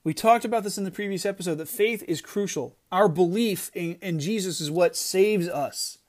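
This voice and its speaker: Middle-aged guy preaching earnestly, kinda high voice, keeps restarting lines. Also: moderate pace, a little mellow. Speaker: podcast devotional speaker. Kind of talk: devotional sermon talk.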